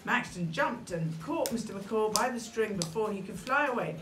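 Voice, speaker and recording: A woman's voice: mid-range voice, expressive, normal speed, few pauses, a bit bright. A woman reading a picture book aloud, playful, sometimes speaking to a child listening. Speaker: storybook reader. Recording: roomy room, mic at a distance, faint hum.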